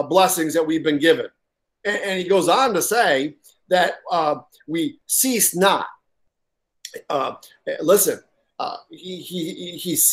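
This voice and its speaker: A man preaching a sermon, reading from a workbook and stressing his points with repeated words and restarts. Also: on the high side. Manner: reads aloud from a workbook. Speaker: pastor.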